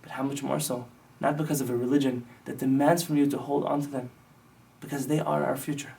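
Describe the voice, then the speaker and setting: A man's voice: medium pitch, flat delivery, brisk, gravelly, a little mellow, recorded from a distance. A male rabbi giving a sermon-like teaching, telling stories with impassioned, emphatic build-ups. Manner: impassioned storytelling that swells into emphatic lists.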